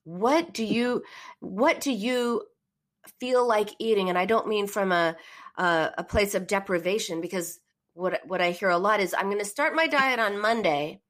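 Earnest middle-aged woman, therapist host, warm encouraging delivery. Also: mid-range voice, measured pace. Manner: earnest and encouraging, acts out emotional phrases. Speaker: therapist hosting a call-in live stream. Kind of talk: casual live-stream advice talk.

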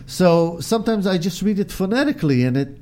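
Chatty talk show host, mellow voice. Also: male voice, high-pitched, sing-song, a little fast. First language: speaks more than one language. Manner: affirming, chatty, frequent fillers. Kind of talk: casual talk show chat.

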